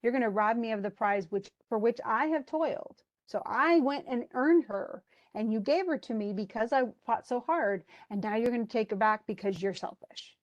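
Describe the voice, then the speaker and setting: A woman's voice: on the high side, moderate pace, hardly any pauses, lo-fi sound, natural voice. A woman voicing a furious, proud young male warrior in a casual, heated retelling voice. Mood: angry.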